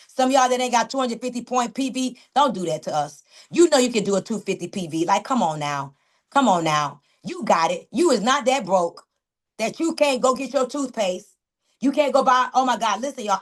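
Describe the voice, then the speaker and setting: High-voiced animated woman coaching her team. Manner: animated, preachy, calls out team members by name. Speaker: network marketing coach. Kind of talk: motivational training call.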